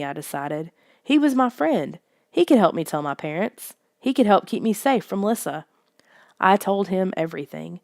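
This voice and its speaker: A woman reading a first-person story aloud in steady, even narration. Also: fairly low pitch, no room sound, studio quality. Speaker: audiobook reader.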